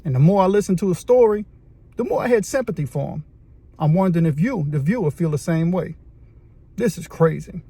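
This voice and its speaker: A man's voice: a little high, a little mellow, no room sound. A man, hosting his channel and telling a story emphatically, talking straight to the viewer. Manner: emphatic, addresses the viewer directly. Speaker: channel host. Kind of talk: storytelling narration.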